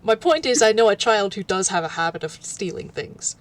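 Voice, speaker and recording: A woman playing a tabletop role-play, talking hesitantly with many pauses and fillers. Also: mid-range voice, expressive, slight background noise. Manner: hesitant, lots of ums and trailing off. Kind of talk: casual in-character role-play chat.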